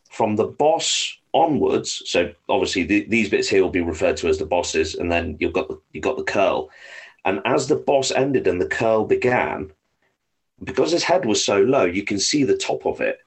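This English podcast guest from the United Kingdom talks casually about his hunting exploits, swearing freely and telling lively anecdotes. His husky voice is fairly low in pitch, at a normal speed.

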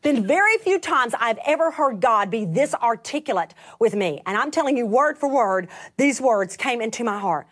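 A middle-aged woman telling a testimony as a sermon, animated, rising to laughing emphasis and dropping to hushed whispers. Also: on the high side, normal speed, hardly any pauses. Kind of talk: sermon storytelling.

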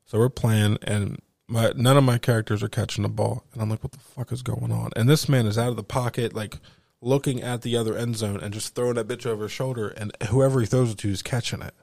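A man hosting a home podcast, telling an animated, profane story in casual chat and acting out the voices of the people he quotes. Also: fairly low pitch, quick pace, no room sound, studio quality. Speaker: podcast host.

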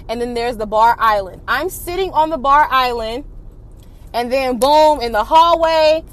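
A young woman with a high voice tells a dramatic story in a casual, unfiltered way. She is lively and swears freely, and she jumps into quick impressions of what people said. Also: slight background noise. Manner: animated, profane, acts out quotes.

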